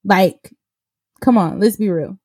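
A woman co-hosting a casual chat, talking in a laid-back, drawn-out way and laughing often. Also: mid-range voice, a little mellow, husky, no echo. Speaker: podcast co-host reviewing wrestling.

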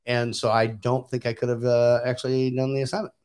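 A man's voice: mid-range voice, level tone, a little fast, darkish tone, clean tone. A man hosting a casual chat show, joking and laughing often. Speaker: host.

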